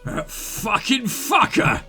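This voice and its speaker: A gruff, burly union boss from a video game, quick to rage and spitting curses, as a man puts him on. The voice lurches from high to low and sits above a plain male register, with faint music underneath. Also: big pitch swings, a bit bright, exaggerated voice. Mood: angry. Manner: curses in angry outbursts.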